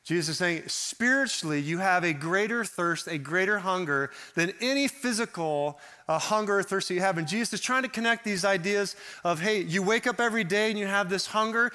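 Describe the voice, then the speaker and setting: A man preaching a sermon in a conversational, animated way, acting out the voices he quotes. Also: high-pitched, fairly quick, hardly any pauses. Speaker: pastor.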